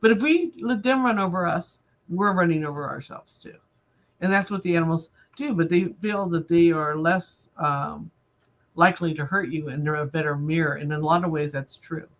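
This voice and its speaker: A woman in her sixties, an animal communicator guest on a livestream, telling stories in a lively way and acting out little dialogues. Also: deep voice, moderate pace. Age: 60s. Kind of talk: casual livestream interview. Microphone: video call.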